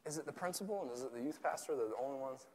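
A man, a youth pastor preaching a sermon, switching between shouted passages and quiet, chatty talk. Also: mid-range voice, rapid-fire, a little hiss or hum. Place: church. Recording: echoey church hall.

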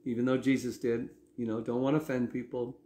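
A man preaching a sermon in a conversational way, often checking in with his listeners with a quick "okay?". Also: medium pitch, level tone, mellow, roomy sound. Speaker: pastor.

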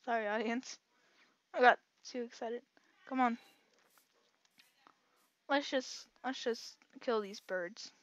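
A woman giving casual, excitable let's-play commentary, chatting to herself and her audience as she plays. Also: on the high side, slow, long pauses, dull audio, background noise. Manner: excitable, chatty, talks to herself while playing. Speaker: gaming channel host.

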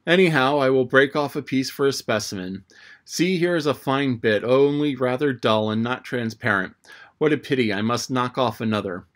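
A man voicing an eager teenage boy explorer who talks with excitement in a slightly raised voice. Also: medium pitch, normal speed, lightly acted.

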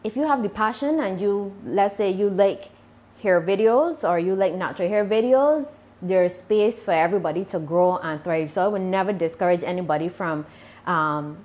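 A woman from Barbados with a Barbadian accent, answering interview questions about her channel in a deliberate, measured way. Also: fairly low pitch, a little mellow. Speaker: YouTuber guest.

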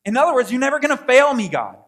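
High-voiced man preaching conversationally. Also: very animated, quick pace. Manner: conversational preaching with rhetorical questions and quoted prayers; swings from quiet asides to loud bursts. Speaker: pastor. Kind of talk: sermon.

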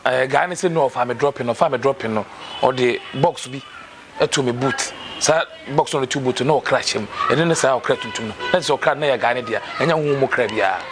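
A man playing a fast-talking worried driver. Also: medium pitch, background noise, close to an everyday voice. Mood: anxious. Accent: Ghanaian. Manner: rapid storytelling, anxious. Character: worried adult man, spiritually troubled driver. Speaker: troubled taxi driver.

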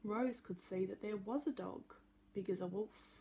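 A woman reads a picture book aloud at a calm storytime pace, stopping to point out details in the pictures. Her voice is mellow and dark with a gravelly texture, and a faint hum sits behind it. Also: medium pitch, moderate pace. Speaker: storybook reader.

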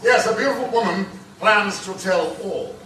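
An actor playing a confident detective in a stage comedy, crisp and assured. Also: male voice, sits high, moderate pace, sharp tone. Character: brisk, confident male detective. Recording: noisy echoing theatre from far off.

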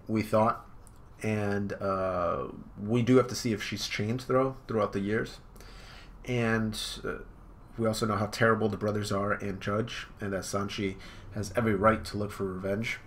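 A man's voice: fairly low pitch, a bit bright, a little hiss or hum. A young man hosting a casual live comic reaction, rambling with lots of fillers and laughing easily. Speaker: reaction video host.

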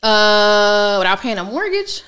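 A woman financial coach telling her story in a candid, casual interview, animated and colloquial. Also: medium pitch, a little slow, clean tone. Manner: lively, colloquial, animated retelling with quoted asides.

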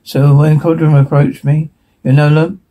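Husky man reading a script in a rush. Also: on the high side, little pitch movement, warm tone, low-quality recording. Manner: rushed reading with stumbles and restarts. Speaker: reader. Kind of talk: reading a TV episode transcript aloud.

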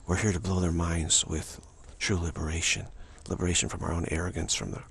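A man's voice: low voice, fairly even intonation, a little fast, gravelly, husky. A man giving a spiritual teaching monologue, repeating himself often and acting out little dialogues. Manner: repetitive, many restarts and "you know", acts out dialogues.

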